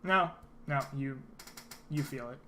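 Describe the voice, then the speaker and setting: Bright-voiced man narrating a tabletop game. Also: mid-range voice, slow pace, slight background noise. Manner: relaxed narration full of uh and um. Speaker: game master.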